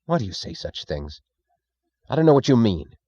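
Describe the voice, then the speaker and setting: A man's voice: medium pitch, big pitch swings, moderate pace, mellow, no echo, dull audio, voice pushed up. A man reading an audiobook, voicing a nervous, evasive male government leader who pleads and fidgets. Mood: agitated. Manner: pleading, fidgety, falsely casual.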